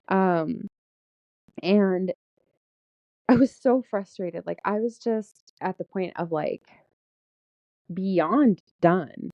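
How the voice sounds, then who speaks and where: A woman's voice: on the low side, unhurried, no room sound. A middle-aged woman venting about her day in a candid personal vlog, frank and swearing, laughing often. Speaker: vlogger. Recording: dull lo-fi sound.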